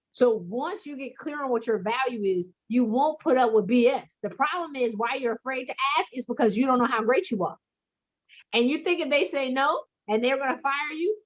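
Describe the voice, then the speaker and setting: A woman career coach talking loudly and emphatically in casual chat, telling stories with slang. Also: on the high side, lo-fi sound. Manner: loud, emphatic storyteller, slips into slang.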